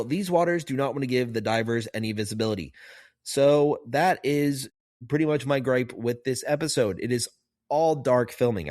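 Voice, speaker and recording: A man's voice: mid-range voice, darkish tone, no echo, clean studio sound. A man hosting a podcast, talking in a chatty, rambling way full of fillers. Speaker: podcast host, marine biologist. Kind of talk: casual podcast commentary.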